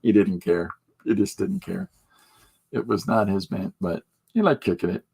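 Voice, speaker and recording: A man's voice: low-pitched, normal speed, creaky, warm tone, slightly rough. A middle-aged man hosting a podcast in casual chat, rambling with many fillers and chuckling as he talks. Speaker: podcast host.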